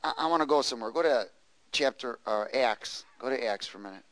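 A man's voice: medium pitch, a little fast, fairly bright tone, dry recording, poor audio. A man preaching a sermon, reading scripture aloud and prompting the congregation to answer and repeat after him. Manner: reads scripture aloud, prompts congregation with call-and-response questions. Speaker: pastor.

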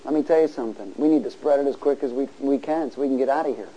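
A man's voice: medium pitch, racing, low-quality recording. Call-and-response preacher man. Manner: call-and-response, rising to loud exhortation. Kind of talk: sermon.

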